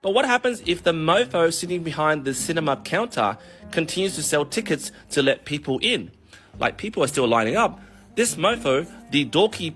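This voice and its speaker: Bright-voiced man on a profane rant. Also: a little high. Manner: profane, animated storytelling. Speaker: vlogger. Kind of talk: comedic rant with an extended analogy.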